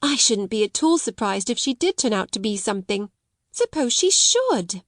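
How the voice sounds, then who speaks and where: A woman voicing a giggly young schoolgirl who gossips excitedly. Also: fairly high pitch, normal speed, no echo, studio quality.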